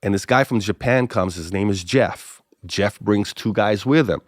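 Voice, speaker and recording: A middle-aged man from the Big Island of Hawaii, a pastor telling stories as a podcast guest, acting out conversations with big jumps in pitch. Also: normal speed, no room sound, clean studio sound. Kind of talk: casual storytelling interview.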